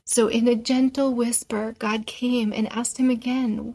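A woman's voice: fairly high pitch, flat delivery, normal speed, hardly any pauses, dark tone, low-quality recording. A woman teaching a Bible lesson, reading verses aloud and explaining them in an earnest, simple way.

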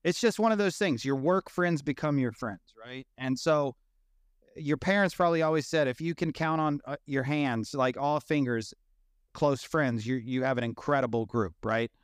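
A man's voice: medium pitch, normal speed, clear, resonant tone, no echo, clean studio sound. A man in his thirties hosting a casual audio chat, telling stories animatedly and swearing freely. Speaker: host.

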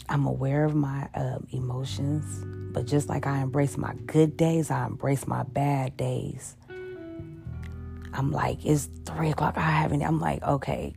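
A woman hosting a podcast, talking haltingly and with heavy emotion, repeating words and using many fillers, in a personal confessional monologue. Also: a bass voice, vocal fry. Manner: heavy-hearted, openly emotional. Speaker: podcast host. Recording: music playing underneath.

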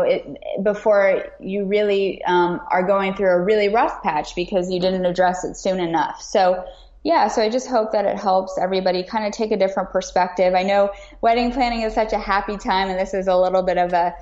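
A woman's voice: mid-range voice, darkish tone. A woman guest on a podcast, talking in an earnest, encouraging way. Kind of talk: casual podcast chat. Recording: roomy, dull remote audio.

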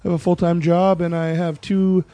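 A man's voice: high-pitched, little pitch movement, normal speed, dark tone, no room sound. A man hosting a podcast, chatting casually and teasing his guest, joking and swearing freely. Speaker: podcast host. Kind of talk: casual profane banter.

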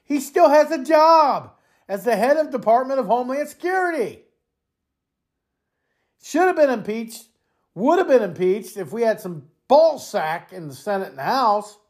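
A host from the United States launches into an angry political monologue, swearing freely and hammering each point. The talk runs hot, with stumbles and repeated words as the speaker gets worked up. The pitch sits in a middle register. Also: lively intonation, normal speed. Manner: angry, profane, heated ranting. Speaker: podcast host.

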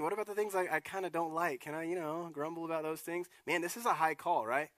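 A man, a lead pastor, preaching a sermon in a casual, animated way with acted-out asides. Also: on the high side, fast talker, few pauses, dry recording.

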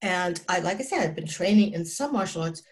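Earnest, lower-voiced older woman storyteller. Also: animated, a little fast. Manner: earnest, emphatic, with frequent restarts and dropped voice at grim moments. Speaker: interview guest, psychotherapist. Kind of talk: personal storytelling in an interview.

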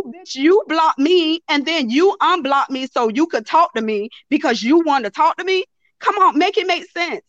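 A woman's voice: high-pitched, no echo. Blunt, emphatic woman with a lo-fi sound. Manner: animated, emphatic, blunt, swears freely. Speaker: host of a live talk stream. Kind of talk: casual storytelling to a live audience.

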